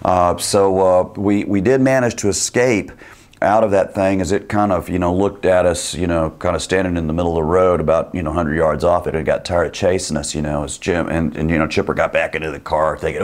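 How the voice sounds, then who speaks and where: A man telling a rambling, lively anecdote in casual speech, acting out quoted dialogue. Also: low voice, brisk.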